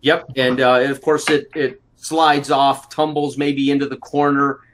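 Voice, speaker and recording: A man's voice: mid-range voice, flat delivery, fairly bright tone. A man running a tabletop role-play game as game master, narrating scenes with many fillers and restarts. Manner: halting, full of fillers and restarts.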